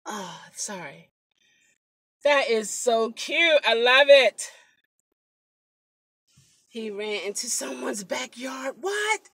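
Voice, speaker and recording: Chatty, animated woman on a live stream. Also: a little high, slow pace, creaky, pauses often, husky, no room sound. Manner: chatty, animated storytelling with frequent exclamations. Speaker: rideshare driver and vlogger. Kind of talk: casual live-stream chat. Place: in a car. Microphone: phone mic.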